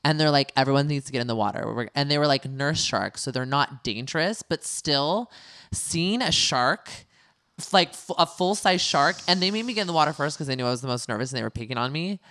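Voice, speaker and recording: A woman co-hosting a casual chat show, telling animated stories full of "like.". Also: low-pitched, fairly quick. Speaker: podcast co-host.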